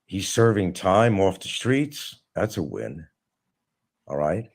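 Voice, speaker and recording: A man's voice: sits low, very animated, slow pace, vocal fry. A middle-aged man hosting a live stream, talking casually and mocking someone with sarcasm. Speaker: livestream host. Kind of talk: casual livestream monologue.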